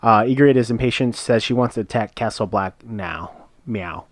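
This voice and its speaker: A man's voice: lowish voice, normal speed, a crowd in the background. A man casually recapping a TV episode, retelling scenes step by step with frequent uhs. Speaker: podcast co-host recapping a TV episode. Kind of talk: casual chat.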